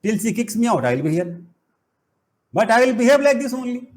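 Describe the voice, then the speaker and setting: A middle-aged man, giving an animated spiritual talk full of playful, emphatic rhetorical questions. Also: very high-pitched, a little fast. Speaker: spiritual teacher and college head.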